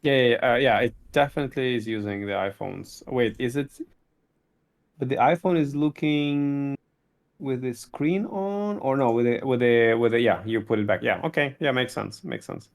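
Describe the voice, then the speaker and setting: A man's voice: medium pitch, moderate pace, vocal fry. A man with a Russian accent co-hosting a casual tech podcast, talking energetically with lots of repeated words and restarts. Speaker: podcast co-host.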